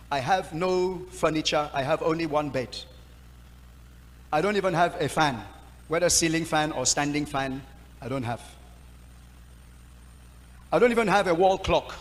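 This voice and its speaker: A man with a Nigerian English accent preaching a sermon as a pastor, telling a story in an emotional, impassioned way. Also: on the high side. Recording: long hall reverb, faint noise.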